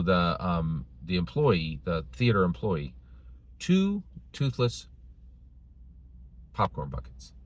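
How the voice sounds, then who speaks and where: A man's voice: lowish voice, slight background noise, rough recording. A man from the United States telling a story in a casual, emphatic rant, acting out the people in it and often asking "right?". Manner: animated, emphatic, acts out quoted voices, keeps asking "right?". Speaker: commentary vlogger.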